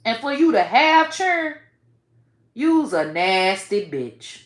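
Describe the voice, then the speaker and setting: A woman giving blunt, profane commentary with sudden loud outbursts. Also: a little high, big pitch swings, slow, reverberant. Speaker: online commentator. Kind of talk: casual commentary.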